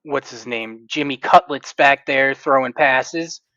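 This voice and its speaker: A man co-hosting a sports podcast, speaking with emphatic, passionate conviction. His voice sits at a middle pitch, and the recording is dull, lo-fi and dry. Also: a little slow, pushed and bright, no echo. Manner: emphatic, passionate fan talk. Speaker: podcast co-host. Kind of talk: casual sports chat.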